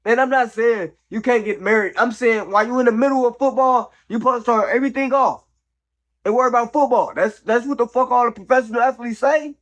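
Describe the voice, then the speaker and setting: A man's voice: very high voice, fairly even intonation, fast talker, a bit bright. A man hosting a casual football commentary show, blunt and opinionated, slangy and profane, tossing in "bro" and "man" often, while a little sick. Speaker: host of a football commentary channel.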